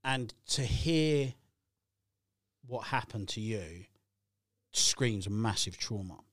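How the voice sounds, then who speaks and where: A man hosting a live-streamed interview, asking gentle, empathetic questions. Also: lowish voice, animated, slow pace, dry recording, studio quality. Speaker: host.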